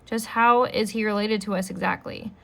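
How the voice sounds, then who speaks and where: A woman's voice: medium pitch, fairly even intonation, normal speed, vocal fry, natural voice. A woman reading the questioning lines of a thoughtful young orphan boy from a storybook.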